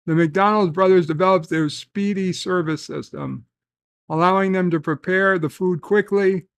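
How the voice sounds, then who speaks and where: A man's voice: high-pitched, moderate pace, vocal fry, clean tone. A man hosting a casual live stream, reading viewer comments aloud and rambling, often stopping to correct himself. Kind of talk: casual chat.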